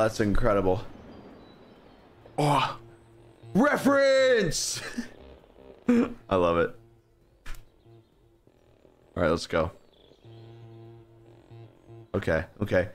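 Rambling excitable young male streamer. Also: fairly low pitch, slow, pauses often, soft background music. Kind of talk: live gameplay commentary.

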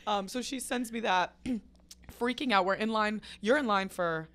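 A woman's voice: mid-range voice, unhurried, background noise. A woman hosting a podcast who tells a wild story in casual chat, acting out quotes and swearing freely. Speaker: podcast host.

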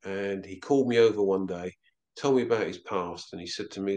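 A man telling a personal story as an interview guest, halting and often repeating himself. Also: deep voice, steady tone, a little mellow. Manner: halting, with frequent stammered repeats.

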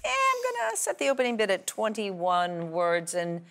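A woman hosting a TV game show, upbeat and brisk as she prompts the players along. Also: medium pitch, huge pitch swings, slight background noise. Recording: TV studio with loud music and audience.

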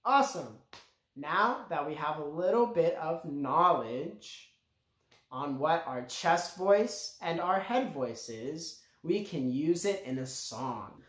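A man leading a children's music lesson, his voice rising and falling in an animated, lively way. He speaks slowly and clearly, coaxing the little ones to sing along, and the recording has a roomy echo. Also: a little high. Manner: slow, clear and encouraging, speaking directly to children. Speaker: music teacher for young children.

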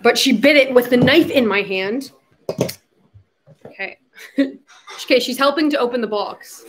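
A woman's voice: fairly high pitch, a little slow, a little hiss or hum. A young adult woman hosting a casual livestream, chatty and giggly, slipping into baby talk with her puppy. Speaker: livestream host.

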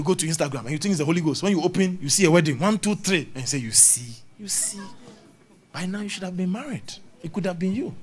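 A man preaching a sermon, swinging between loud, emphatic lines and low murmurs, and laughing at his own jokes. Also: husky. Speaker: pastor.

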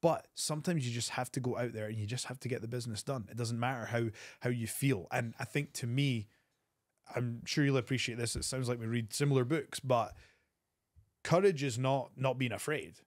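A man, a wrestler telling an animated backstage story as a guest on an interview show. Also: dry recording, clean studio sound. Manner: animated storyteller, quick bursts of pitch.

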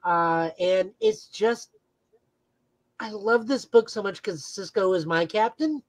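A woman's voice: medium pitch, expressive, takes it slowly, no echo, poor audio. A woman co-hosting a casual podcast who recaps comic plots in detail with frequent filler words. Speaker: podcast co-host.

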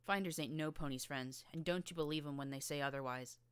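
A woman's voice: deep voice, brisk, no room sound, natural voice. Woman doing a scrappy drawling filly. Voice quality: rough rural drawl. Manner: blunt, boastful, slangy. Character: tough streetwise young filly gang leader.

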